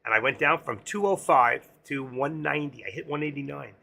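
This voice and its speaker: A man in his sixties hosting a casual stock trading livestream, rambling and joking between chart calls, his voice going hoarse. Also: mid-range voice, fairly quick, pushed and bright. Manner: rambling, joking asides, sings snatches of songs. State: losing his voice. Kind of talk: casual live-stream market commentary.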